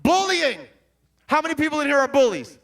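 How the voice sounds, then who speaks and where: A man with a very high, bright voice preaches to a young crowd as a Christian motivational speaker. He calls out questions and breaks into shouts, and he is picked up from well back from the mic. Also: big pitch swings, fairly quick, recorded from a distance. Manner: bursts into shouts.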